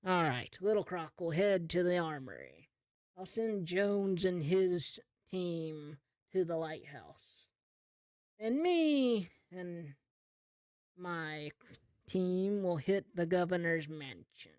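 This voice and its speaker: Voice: medium pitch, lively intonation, slow pace, darkish tone, no echo. Playful game master, dry close sound. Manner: casual, laughing, playful narration. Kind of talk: narrating a tabletop game.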